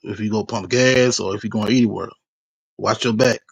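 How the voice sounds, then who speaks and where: A man telling his story in a street interview, halting and repeating himself often. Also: fairly low pitch, steady tone, creaky, slightly rough, no echo. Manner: halting, repetitive, many restarts.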